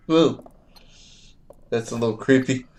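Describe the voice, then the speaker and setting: A man's voice: mid-range voice, slow, darkish tone. A man giving casual, rambling, joking commentary over a video game. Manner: rambling, joking, many fillers. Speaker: let's play gamer.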